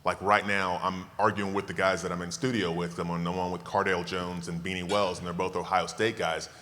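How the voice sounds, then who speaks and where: Bright-voiced man in his fifties speaking in a hall. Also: sits low, level tone, brisk. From Tallahassee, Florida. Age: 50s. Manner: emphatic, self-assured, joking. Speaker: keynote speaker. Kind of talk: relaxed Q&A talk to a dinner audience. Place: banquet hall. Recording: long reverb of a hall, faint noise.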